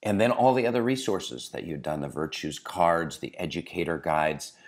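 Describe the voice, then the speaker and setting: A man's voice: sits low, moderate pace. A man hosting a podcast interview, enthusiastic and feeling his way through his questions. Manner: enthusiastic, searching for words with fillers. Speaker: podcast host. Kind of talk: interview conversation.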